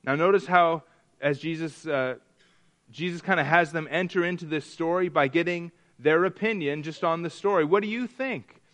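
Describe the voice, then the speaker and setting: Speaking at a moderate pace, this man has a fairly high pitch and a fairly bright tone. He delivers an interactive church sermon in a conversational way, questioning the congregation as he goes and often starting his sentences over, with plenty of repetition.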